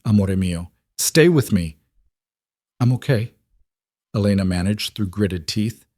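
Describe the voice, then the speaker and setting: A man with a low voice narrates a romance audiobook in a smooth, even storytelling manner. The recording is dry and close, with no room sound. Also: no echo.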